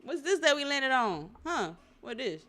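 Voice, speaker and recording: A young woman livestreaming, reading a comic aloud and reacting in casual slangy chat, quick to get excited. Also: sits high. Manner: slangy and excitable, says bruh and y'all.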